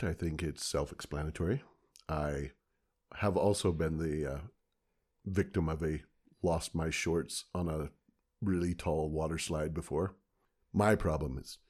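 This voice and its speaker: A man's voice: rumbling low, darkish tone, husky. A man co-hosting a podcast in casual chat, joking crudely and swearing freely. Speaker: podcast co-host.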